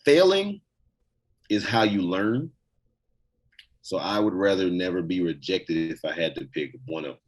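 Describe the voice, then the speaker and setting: Deep husky man, blunt podcast talk. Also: lively intonation, measured pace, long pauses, rough recording. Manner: blunt and profane, reads out questions. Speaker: podcast co-host. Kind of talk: casual podcast chat.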